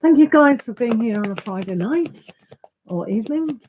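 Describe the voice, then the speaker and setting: A woman's voice: a little high, lively intonation, moderate pace, mellow, slight background noise, poor audio. A middle-aged woman hosting a live tarot stream, chatting casually and greeting viewers by name with frequent laughs.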